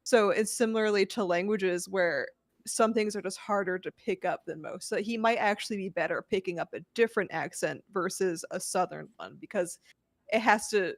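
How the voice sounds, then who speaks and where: A young woman on a podcast, explaining slowly and searching for the right words. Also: mid-range voice, dry recording, studio quality. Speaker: podcast co-host. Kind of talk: casual podcast chat.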